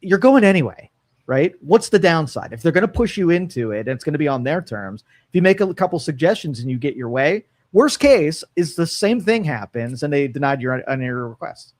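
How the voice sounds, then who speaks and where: A man's voice: fairly high pitch, sing-song, brisk. An American man co-hosting a call-in talk show, teasing his co-host in a wry, joking way. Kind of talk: casual talk show chat.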